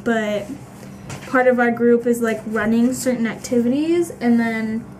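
A woman's voice: on the high side, fairly even intonation, unhurried, a little mellow. A young woman vlogging in a casual, chatty way, laughing and saying "like" a lot. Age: young adult. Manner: chatty, laughing, says "like" often. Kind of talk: casual chat. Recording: noisy background.

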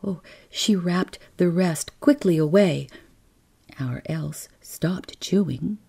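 Soft, husky woman reading a sleep story. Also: on the low side. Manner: soft, slow, often whispered. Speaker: bedtime story reader.

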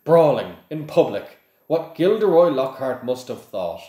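A man reading aloud voices a furious mother who scolds in a shrill voice. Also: sing-song, unhurried, mellow, roomy sound. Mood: scolding.

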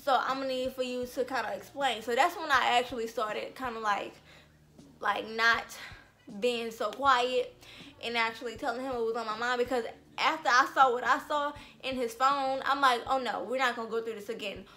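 A young woman telling a storytime vlog, animated and blunt, swearing freely. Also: fairly high pitch, moderate pace. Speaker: vlogger.

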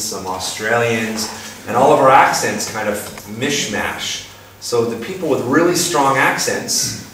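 A man's voice: on the low side, fairly bright tone. Male speaker, casual lecture delivery full of ums, recorded from a distance in a very echoey hall with faint noise. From Canada. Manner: hesitant, many ums and restarts, playful asides. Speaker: guest speaker. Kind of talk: informal public talk.

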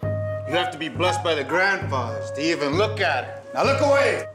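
An actor playing a self-important drum keeper who speaks in grand, solemn, mock-mystical proclamations. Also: male voice, a little high, very animated, moderate pace. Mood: pompous. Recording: roomy echo with music behind.

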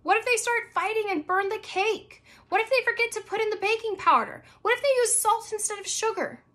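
Storybook read-aloud: woman voicing a fretful ten-year-old girl, high and bright, rushed. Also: lively intonation. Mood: panicked.

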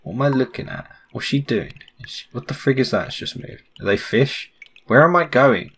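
A man's voice: medium pitch, lively intonation, normal speed, a bit bright, slightly rough. A young man doing let's play commentary on a game, asking puzzled running questions and reading the characters' lines aloud. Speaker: gaming YouTuber.

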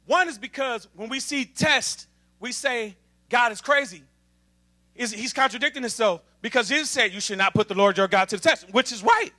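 A man preaching an emphatic sermon to a congregation, calling for responses from the pews and building up to shouting. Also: extremely high pitch, normal speed. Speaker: assistant minister.

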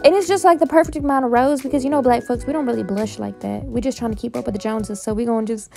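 A woman's voice: on the high side, fast talker, vocal fry, few pauses, over music. A young woman narrating a makeup tutorial in a goofy, self-mocking, chatty way. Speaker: beauty vlogger. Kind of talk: casual voice-over tutorial.

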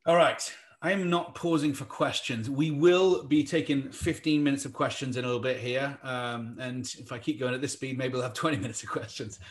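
A man with an English accent giving a fast-paced workshop talk on hiring, with quick joking asides. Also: mid-range voice. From England. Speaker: workshop presenter. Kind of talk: live virtual workshop talk.

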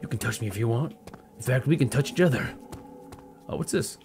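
A young man giving excitable, swearing let's-play commentary while playing a horror game. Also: mid-range voice, a little fast, faint music behind. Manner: hyper, swearing, joking, talking to the game. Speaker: gaming video host.

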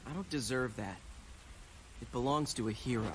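A man voicing a discouraged teenage boy hero in an animated series, with a whiny voice. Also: mid-range voice, moderate pace, slight background noise, close to an everyday voice. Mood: dejected. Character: discouraged teenage boy hero who lost his power. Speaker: cartoon character.

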